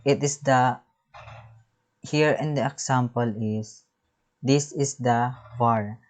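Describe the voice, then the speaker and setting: Slow, halting male music teacher. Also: medium pitch, steady tone, rough recording. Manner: halting, reads terms and definitions with restarts. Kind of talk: reading lecture slides.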